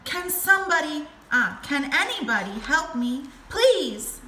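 Woman playing a high, whimpering fake-crying storybook crocodile, sneaky and sly, echoey room. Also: big pitch swings, slow pace, pushed and bright, slight background noise, full character voice. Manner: sobbing, pleading wail. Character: whiny sly male crocodile faking a toothache.

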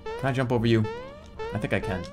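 A man streaming a video game, talking to chat in an animated way with sudden yelps and casual swearing. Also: medium pitch, fast talker. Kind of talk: live gaming stream commentary. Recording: game music in background.

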